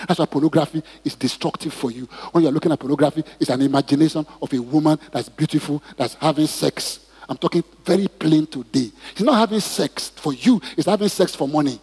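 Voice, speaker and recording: A man's voice: a little high, fast, hardly any pauses, a little mellow, husky. A man preaching a sermon in church, asking the congregation questions and drawing responses. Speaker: pastor. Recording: reverberant hall.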